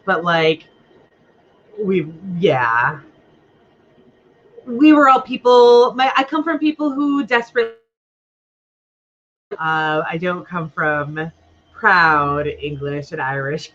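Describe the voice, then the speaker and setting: This is let's play commentary from an American woman who chats and rambles to herself during a playthrough. She has a fairly low pitch and a fairly bright tone, heard through dull audio.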